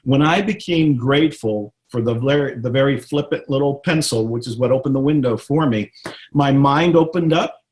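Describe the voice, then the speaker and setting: A middle-aged man from Texas, a guest author in an interview, talking earnestly and reflectively and slowing down to stress his points. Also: mid-range voice, a little mellow, slight background noise. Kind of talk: interview, motivational talk.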